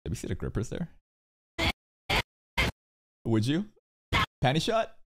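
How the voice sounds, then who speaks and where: A young man hosting an anime reaction video, talking in a sarcastic, excitable way and swearing freely. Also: medium pitch, unhurried, background noise. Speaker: anime reaction channel host.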